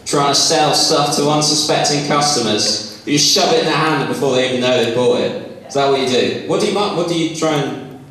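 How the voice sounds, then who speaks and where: A man's voice: a little high, a bit bright. Young male stand-up, roomy club echo. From Somerset, England. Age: young adult. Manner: self-deprecating, chatty, quick asides. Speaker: stand-up comedian. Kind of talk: stand-up with crowd work. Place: small comedy club stage. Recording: echoey venue, mic heard from a distance.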